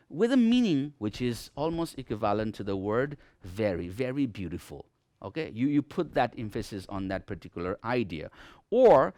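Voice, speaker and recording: A man's voice: mid-range voice, brisk, dry recording, studio quality. A man teaching a televised English grammar lesson, emphatic and often checking in with "okay?". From Nepal. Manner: emphatic, repeats "okay?" often, lively classroom delivery.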